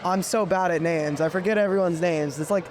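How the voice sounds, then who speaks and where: A man's voice: high-pitched, steady tone, brisk, slight background noise. A young man hosting a casual podcast conversation, talking reflectively and filling his sentences with "like". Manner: reflective, many "like" fillers. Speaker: podcast host.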